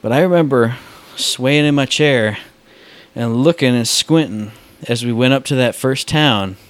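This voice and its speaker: A man co-hosting a podcast, telling stories in a casual, animated way and laughing often. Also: medium pitch, measured pace, dry recording. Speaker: podcast co-host. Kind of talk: casual chat.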